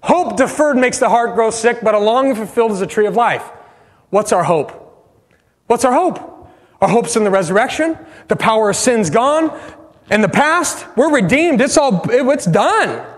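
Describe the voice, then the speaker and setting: Impassioned preacher with a high voice. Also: male voice, lively intonation, moderate pace, big-room sound. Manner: passionate, swinging from loud to hushed. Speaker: pastor. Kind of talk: sermon. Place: church sanctuary.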